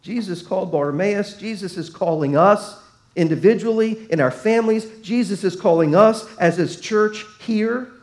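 A man's voice: high voice, moderate pace, darkish tone. A man preaching a sermon as pastor, emphatic, his voice swelling and dropping to drive points home.

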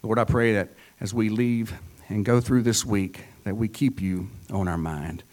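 Low-voiced man leading a closing prayer. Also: unhurried. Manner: relaxed, informal praying with small restarts.

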